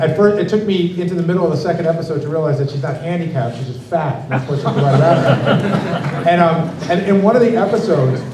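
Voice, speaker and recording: A man moderating a convention panel, halting and chuckling with many fillers. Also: on the high side. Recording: echoey hall from far off.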